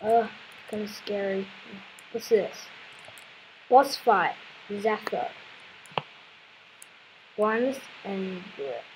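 A woman's voice: mid-range voice, animated, very slow, pauses often, darkish tone, a little hiss or hum, rough recording. A woman playing a video game, commenting casually and exclaiming in frustration with repeated words. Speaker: let's play gamer.

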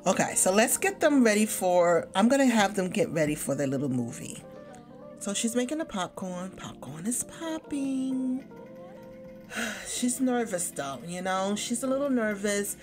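Chatty woman for a let's play voice-over; lively pitch, faint music behind. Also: a little slow. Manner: chatty, animated, laughs often. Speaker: gaming YouTuber. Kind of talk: casual let's play commentary.

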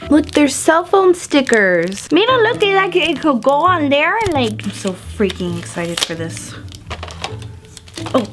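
A young woman hosting her own vlog, gushing and gasping through a casual unboxing chat, full of fillers. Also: sits high. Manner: bubbly and gushing, gasping often, filler-heavy with "like". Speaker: vlogger host.

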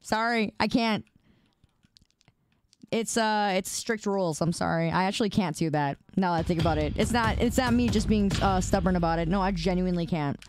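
A woman's voice: medium pitch, fairly quick, faint music behind. A sleep-deprived woman streamer chatting casually and playfully with her viewers, teasing and pleading. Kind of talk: casual live-stream chat.

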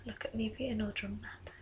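A young woman in a confessional vlog, talking in a soft, halting whisper at night in her bedroom. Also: medium pitch, level tone, poor audio. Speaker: vlogger.

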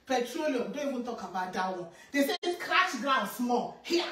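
A Nigerian woman with a Pidgin English accent talks in an animated, boastful vlog style, often dropping into bits of song. Her voice sits high, and she is some way off the mic in an echoey room. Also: moderate pace, hardly any pauses, recorded from a distance. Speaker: content creator. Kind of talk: casual vlog monologue.

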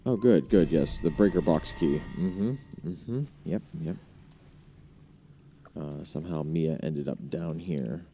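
A man's voice: extremely low pitch, takes it slowly, dark tone, a little hiss or hum. A young man streaming a horror game, talking to his chat, swearing and jumpy. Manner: swearing, jumpy, chatty with viewers. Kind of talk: live horror game commentary.

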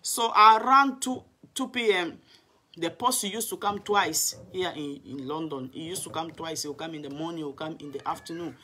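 A woman's voice: low-pitched, moderate pace, sharp tone, a little hiss or hum. A woman evangelist telling her personal testimony, earnest and emotional, often restarting her sentences. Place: home in London.

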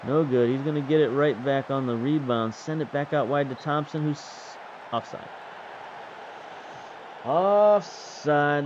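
Male gaming host, relaxed play-by-play, dry humor; muffled home recording. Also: mid-range voice, background noise. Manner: wry, chatty, self-mocking. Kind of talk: casual play-by-play game commentary.

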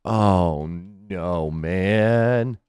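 A man's voice: deep voice, very slow, a little mellow, smooth, no room sound. A young man streaming a horror game, talking nervously with jumpy, self-mocking remarks. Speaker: gaming streamer. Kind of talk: horror game let's play commentary.

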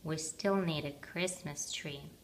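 A woman's voice: deep voice, takes it slowly, voice pushed down. A woman voicing a grumpy but loving big male bear in a storybook reading, with a huffy, grumbling manner. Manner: grumbling, huffy, gentle at heart.

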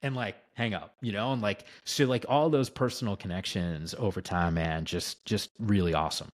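Low-voiced male sportscaster guest, eager and rambling, keeps asking "right?". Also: moderate pace. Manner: enthusiastic, rambling, heavy use of "like" and "right?". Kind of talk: casual podcast storytelling.

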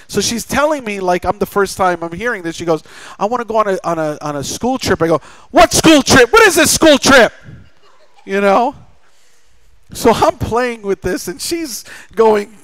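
A man's voice: high-pitched, no echo, poor audio. A middle-aged man preaching a sermon as pastor, telling a family story with acted-out dialogue and joking with the congregation. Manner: jokey, chatty with the congregation. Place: church sanctuary.

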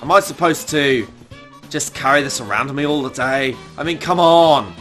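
A man's voice: medium pitch, normal speed, fairly bright tone, faint music behind, natural voice. A man putting on the voice of a foul-mouthed, furious celebrity chef, swearing and sighing while commenting on a game. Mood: weary. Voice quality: constant swearing, exasperated sighs. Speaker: gamer doing a parody voice. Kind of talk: comedic gameplay commentary.

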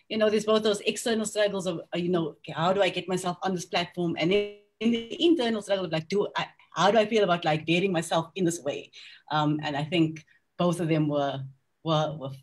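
A woman author on a panel discussion, speaking candidly and reflectively about her novel, with frequent ums and restarts. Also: low-pitched. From South Africa.

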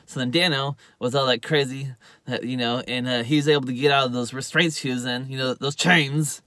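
A man recapping a TV episode in a casual, rambling way. He fills his speech with "uh" and "you know" and acts out quoted lines louder and higher. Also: steady tone, fairly quick, dry recording. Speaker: TV show reviewer.

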